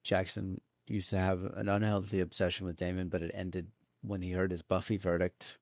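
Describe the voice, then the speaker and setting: A man's voice: low-pitched, level tone, normal speed, darkish tone, no echo, clean studio sound. A male podcast co-host in casual movie-review chat, joking wryly and laughing often.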